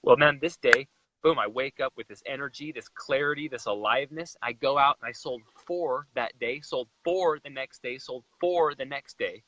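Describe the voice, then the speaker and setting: A man's voice: mid-range voice, normal speed, bright, forceful tone, slight background noise, poor audio. A young man from Utah, a guest in a live chat, retelling a personal story with emotion and animation.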